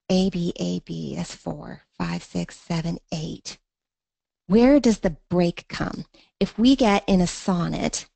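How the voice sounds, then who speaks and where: A woman's voice: on the low side, gravelly, darkish tone, no room sound. A woman teaching a poetry lesson in an online class, thinking aloud with fillers and reading verse in a rhythmic beat. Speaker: literature teacher.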